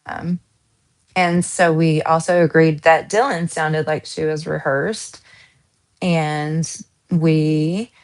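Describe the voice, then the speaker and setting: Slow, low-voiced Southern woman chatting. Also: a little mellow. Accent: Southern American. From American South. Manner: chatty and giggly, many ums and restarts. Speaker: true crime channel host. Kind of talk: casual true crime chat, reading viewer comments.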